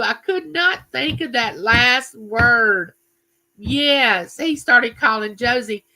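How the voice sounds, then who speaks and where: A woman's voice: fairly high pitch, expressive, slow, pushed and bright, rough recording. A woman, chatting casually and telling stories on her live stream, greeting viewers by name. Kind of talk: casual chat.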